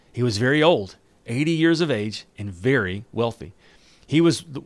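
A man of middle pitch reads a Bible chapter aloud. He breaks off at times to retell the story in loose, everyday words. The recording is close and dry, with no room sound. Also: dry recording. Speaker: Bible reader and teacher. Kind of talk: Bible reading with casual commentary.

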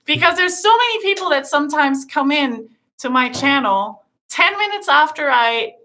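A woman with a European accent, raised on Portuguese and German, speaks in a bright, slightly high voice. She chats casually as a guest, earnest and self-deprecating. Her sentences trail and restart as she searches for words. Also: lively intonation, normal speed. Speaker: streamer and musician guest. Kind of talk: casual interview chat.

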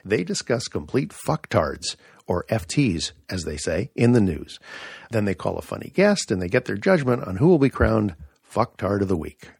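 A man's voice: lowish voice, very animated, normal speed, gravelly, a little mellow, breathy edge, no room sound, studio quality. A man hosting a comedy podcast, reading listener messages and introducing clips with many fillers. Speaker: podcast host. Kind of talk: casual show segment.

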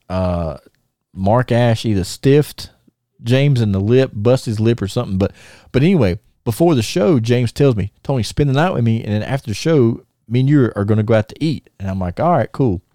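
A man hosting a podcast, telling lively anecdotes in a casual chat and often laughing as he acts out what people said. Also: medium pitch, moderate pace, no room sound, clean studio sound. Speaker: podcast host.

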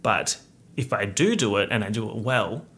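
A man's voice: on the low side, animated, moderate pace, fairly bright tone. A young man from Perth, hosting his podcast with a chatty, campy update full of slang and self-mockery. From Perth, Australia. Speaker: podcast host. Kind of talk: casual update chat.

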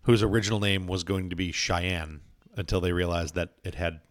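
A man's voice: low-pitched, level tone, moderate pace, a little hiss or hum. A man chatting casually as a podcast co-host, telling rambling stories full of fillers and playful asides. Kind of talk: casual chat.

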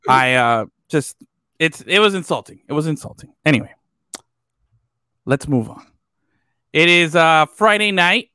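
A man hosting a casual sports podcast, animated and joking, often trailing off into fillers. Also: fairly high pitch, unhurried, long pauses, clear, resonant tone, no echo, studio quality. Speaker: podcast host.

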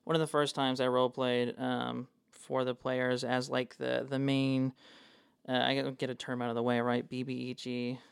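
A young man, a dungeon master co-hosting a podcast, talking in an animated, excitable casual chat and swearing freely. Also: mid-range voice, normal speed, gravelly, clean tone, no echo, clean studio sound.

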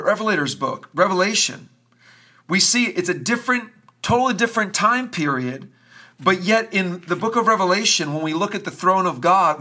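High-voiced man preaching emphatically. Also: bright, forceful tone. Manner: emphatic, repeats words with slow stress. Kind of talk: sermon.

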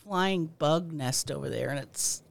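A woman co-hosting a comedy podcast, tossing out absurd deadpan jokes in casual chat. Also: low-pitched, unhurried, creaky. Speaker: podcast co-host. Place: hot indoor studio room.

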